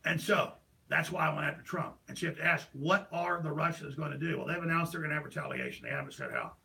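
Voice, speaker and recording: A middle-aged talk show host with a gravelly voice launches into a heated political rant at a quick pace, his pitch swinging widely. He alternates between loud outbursts and low mutters.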